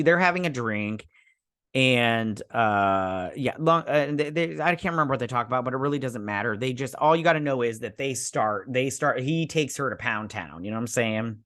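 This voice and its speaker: A man recaps a TV episode in a loose, rambling way, full of fillers and restarts. His tone turns sarcastic and dismissive. His voice sits at a middle pitch, and the recording is dry and close with no room sound. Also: a bit bright, no room sound. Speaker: show reviewer host. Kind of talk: casual episode recap and review.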